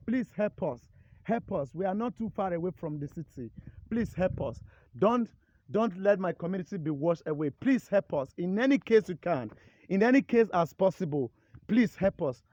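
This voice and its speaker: A man's voice: sits high, a little mellow, highs cut off, slight background noise. A Nigerian man pleading urgently and repetitively while filming outdoors on a handheld phone beside an eroded road. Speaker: local resident filming his community.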